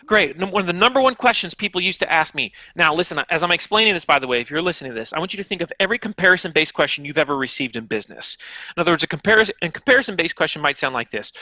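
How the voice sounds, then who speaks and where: A man, an author being interviewed, answering with animated, emphatic energy and speaking straight to the audience. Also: a little high, racing, no room sound. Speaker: author and guest.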